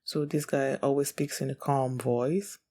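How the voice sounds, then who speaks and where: A woman with a low, husky voice hosts a reaction video, reading comic panels aloud and breaking off for casual remarks. She delivers the dialogue plainly, without acting it out, in a breathy, unpolished tone. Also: fairly even intonation, measured pace, dark tone. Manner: chatty, reads character lines plainly between remarks.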